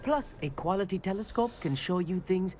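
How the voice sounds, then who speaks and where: A man doing a chirpy game student gushing about the stars, his voice high and bouncing all over the place. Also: animated, normal speed, over music. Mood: enthusiastic. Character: cheerful stargazing young male student.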